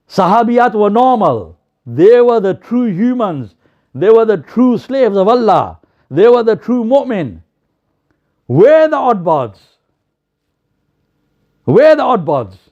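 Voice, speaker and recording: A young man gives a storytelling sermon in a mosque, lively and animated, acting out the quotes. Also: high-pitched. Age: young adult. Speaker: preacher. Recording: slightly dull lo-fi recording.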